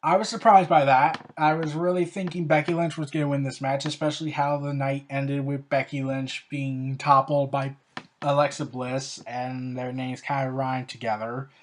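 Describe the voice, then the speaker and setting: A show host talking through a review in a loose, rambling way, peppering sentences with "like". The delivery is opinionated and slides into sarcastic rants, with a voice that sits at an ordinary middle pitch. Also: flat delivery, moderate pace, a little hiss or hum. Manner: rambling and opinionated, with frequent "like" fillers; ranting, with sarcastic asides. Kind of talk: casual spoken review.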